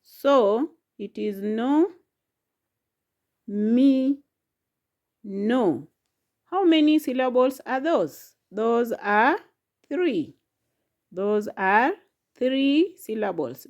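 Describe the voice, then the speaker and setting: A woman teaching a language lesson, speaking slowly and patiently, repeating each word and sounding out its syllables one at a time. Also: fairly high pitch, a little mellow, dull audio. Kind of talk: slow, patient classroom lesson.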